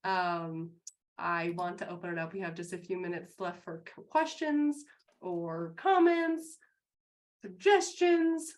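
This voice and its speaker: A woman's voice: flat delivery, moderate pace, a bit bright. A woman co-hosting a live business show, giving an upbeat, encouraging motivational talk to an online audience. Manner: upbeat and encouraging, bursts high acting out quotes.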